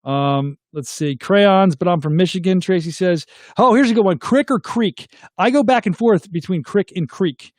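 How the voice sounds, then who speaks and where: High-voiced Philly-man chatting live. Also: moderate pace, no room sound, studio quality. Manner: chatty, reads comments aloud and asks viewers to weigh in. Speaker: livestream host reading viewer comments. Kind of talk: casual live chat.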